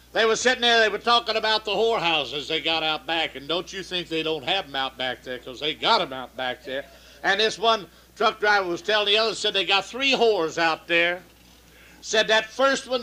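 A man's voice: high-pitched, bright, forceful tone, low-quality recording. A man with a folksy drawl telling bawdy jokes, acting out the people in them. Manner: folksy drawl, acts out quoted voices. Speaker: comedian telling truck-stop jokes.

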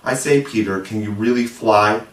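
A man's voice: on the low side, moderate pace, close to an everyday voice. A man reading aloud, voicing an eager, practical young boy in a raised boyish voice, recorded with a roomy, distant mic. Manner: eager, excitable.

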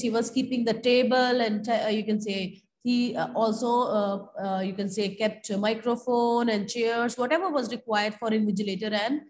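A woman's voice: a little high, a little mellow, low-quality recording. A woman teacher with an Indian accent, reading a story aloud in class and stopping to explain it to her students. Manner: switches between reading aloud and explaining, calls students "beta". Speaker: school teacher.

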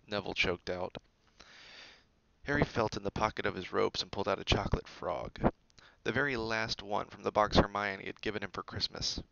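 An audiobook reader with a low, gravelly voice and a bright, forceful edge reads a storybook aloud at normal speed. His narration is steady and expressive, and the recording sounds dull and dry, with no echo.

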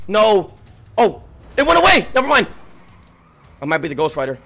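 A man giving frantic, profane gameplay commentary, yelling, laughing and trash-talking while he plays, his voice giving out. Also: high-pitched, huge pitch swings, normal speed, vocal fry, pauses often, breathy edge. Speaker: gaming streamer.

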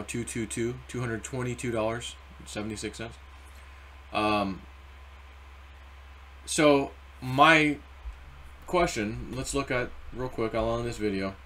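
A man's voice: mid-range voice, slight background noise. A man talking through crypto charts in a casual, rambling vlog, often acting out what others said. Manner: rambling, animated, acts out quotes. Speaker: crypto YouTuber. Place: car or home desk.

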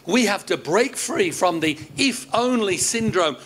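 High, unhurried Australian pastor in church. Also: male voice, expressive, fairly bright tone. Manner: restarts words, jokes, quizzes the audience. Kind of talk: lively sermon to a congregation. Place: church service.

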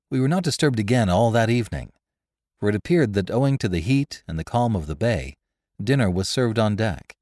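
Male narrator, deep voice, lively expressive reading, dry close studio sound. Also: brisk, dry recording. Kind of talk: audiobook narration.

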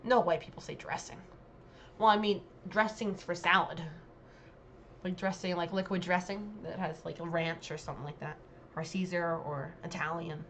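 A young woman vlogger chatting casually, reading quiz questions aloud and thinking out loud about her answers. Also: fairly low pitch, fairly even intonation, moderate pace, slight background noise.

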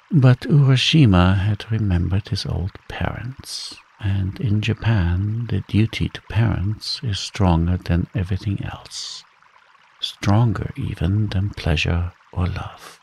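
A man reading a bedtime story in a calm, soothing way, taking his time over every phrase. His voice is low, gravelly and very husky, with a breathy texture. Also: slow, rough recording. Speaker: narrator.

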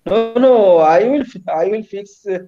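Halting man lecturing over a dull call. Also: sits high, animated. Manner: halting, many fillers and restarts. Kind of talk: online class lecture. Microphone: video call. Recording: dull lo-fi online call audio.

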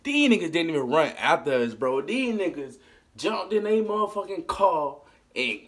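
Husky man telling a profane story. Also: on the high side, moderate pace. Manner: animated, profane, laughing storyteller. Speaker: vlogger. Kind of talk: casual storytime.

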